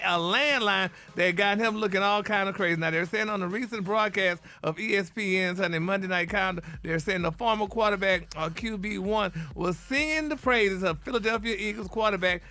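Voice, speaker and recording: A man's voice: high-pitched, pushed and bright. A man delivering celebrity gossip on a radio morning show in a flamboyant manner, calling listeners honey. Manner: flamboyant, sprinkles "honey" and "y'all". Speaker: celebrity news correspondent. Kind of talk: gossipy celebrity news segment.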